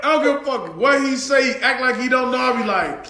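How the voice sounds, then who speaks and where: A man co-hosting a podcast, telling animated stories in casual chat, acting out what people said and laughing often. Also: very high voice, a little fast, echoey room. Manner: animated storytelling with acted-out quotes and frequent laughter. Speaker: podcast co-host.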